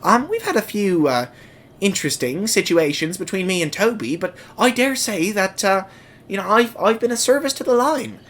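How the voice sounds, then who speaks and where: Casting: man playing a confident young lady diesel engine, cartoon-style, lively lilt. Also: high-pitched, normal speed, voice pushed up. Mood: proud. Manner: polite, self-assured. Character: young female diesel engine, brisk and proud.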